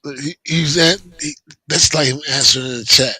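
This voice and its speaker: A man's voice: on the high side, normal speed, sharp tone, husky, dry recording. A man hosting a casual talk stream, questioning his guest with incredulous, repeated, profane questions. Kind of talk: casual chat.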